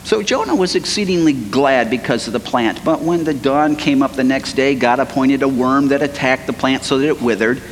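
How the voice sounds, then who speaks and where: A man preaching a sermon as pastor, animated, acting out the voices of biblical figures. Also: medium pitch, normal speed, few pauses. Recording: long hall reverb, faint noise.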